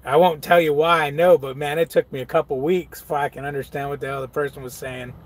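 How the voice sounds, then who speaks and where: A man's voice: fairly high pitch, steady tone, fast talker, dry recording. A truck-driving man in casual live-stream chat, laid-back, laughing often and reading viewer comments aloud. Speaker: truck driver vlogger.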